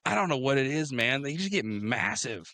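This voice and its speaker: A young man hosting a casual interview, telling animated stories full of fillers and restarts. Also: mid-range voice, normal speed, no room sound. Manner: animated storyteller, lots of filler words and restarts. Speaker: podcast host.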